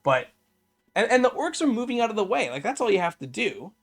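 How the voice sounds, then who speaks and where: A man with a slightly high voice rants through a casual review chat, exasperated and animated, full of fillers and self-interruptions. Faint background music sits under his talk. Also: brisk. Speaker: podcast co-host.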